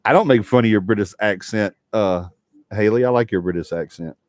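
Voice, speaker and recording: A very low-voiced man with a drawl hosts a casual livestream, folksy and chatty as he reads comments from viewers. The sound is dry and close, with no room around his voice. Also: a little fast, darkish tone, dry recording. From Alabama. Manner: chatty, folksy, laughs often. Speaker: paranormal livestream host.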